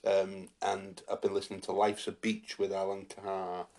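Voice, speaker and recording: A man's voice: sits low, monotone, normal speed, a little mellow. A man, co-hosting a casual podcast chat and rambling with lots of fillers. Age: 40s. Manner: rambling, with many fillers and restarts. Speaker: podcast co-host.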